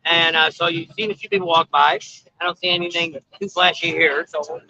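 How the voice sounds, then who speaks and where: Man, high gravelly voice, rambling casual live-stream chat, lots of fillers, outdoors on a busy street, dull lo-fi phone audio. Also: little pitch movement, brisk, pushed and bright. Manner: rambling, filler-heavy with frequent uh. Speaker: vlog co-host filming the street.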